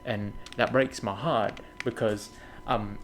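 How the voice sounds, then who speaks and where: A man's voice: lowish voice, steady tone, takes it slowly, a little hiss or hum. A young man from Indonesia telling his life story in a rambling, candid way, dropping "right?" and "mate" and swearing often. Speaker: gaming video creator. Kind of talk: casual personal storytelling.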